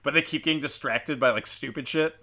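Man, podcast host, bright tense voice, rambling casual storytelling, swears a lot. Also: mid-range voice, a little fast. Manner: rambling, profane, joking storyteller. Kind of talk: casual rambling show recap.

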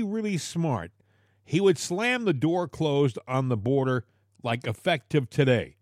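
A man's voice: medium pitch, no room sound, studio quality. A man co-hosting a political talk show, emphatic and repeating words as he argues.

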